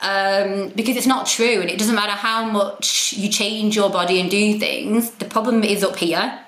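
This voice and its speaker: A woman talks candidly as a podcast guest, frank and self-deprecating. She swears without a second thought. Her voice sits at a middling pitch and rings with the echo of the room. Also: steady tone, normal speed, a bit bright. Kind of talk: candid conversational storytelling. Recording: roomy echo.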